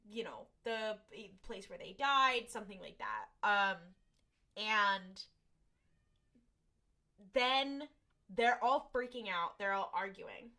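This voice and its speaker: A woman's voice: medium pitch, expressive, slow, pauses often, pushed and bright. A woman co-hosting a podcast, casually retelling an episode with lots of filler words and acted-out lines. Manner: rambling, lots of "like" and "um", acts out lines. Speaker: podcast co-host. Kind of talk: casual recap chat.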